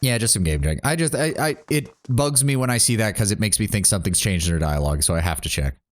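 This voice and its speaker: A man's voice: on the low side, expressive, fast. A man streaming a role-playing game, chatting casually and reading game dialogue aloud.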